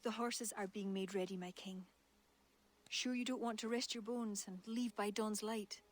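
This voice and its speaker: An actress playing a young, wistful servant woman who speaks gently in a video game. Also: mid-range voice, steady tone, moderate pace, natural voice. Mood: gentle.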